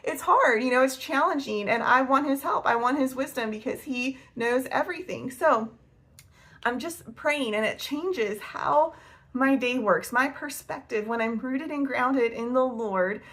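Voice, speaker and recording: Chatty woman, bright and laughing. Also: high-pitched, a little slow. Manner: chatty, laughs often, many "y'all" and "like". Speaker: homeschool vlogger. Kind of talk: casual faith-based talk to camera.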